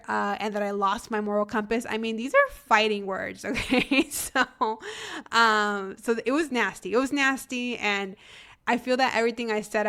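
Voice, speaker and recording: A woman's voice: mid-range voice, smooth. A young adult woman hosting a podcast, telling a family story in a casual monologue and acting out what her relatives said. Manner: animated, acts out family members' lines. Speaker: podcast host.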